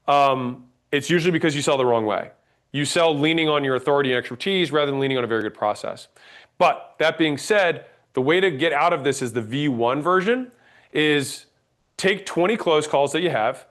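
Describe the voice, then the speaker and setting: Sales trainer, male, slightly raised pitch; brisk workshop delivery with role-played call examples. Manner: energetic, acts out sample calls, frequent "right?" check-ins. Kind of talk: workshop teaching on sales scripts.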